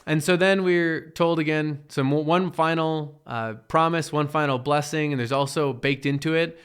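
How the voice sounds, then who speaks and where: A man with a slightly high, smooth, somewhat bright voice and fairly even intonation speaks at normal speed. In a casual Bible teaching, he acts out the characters he quotes and frequently checks in with "right?"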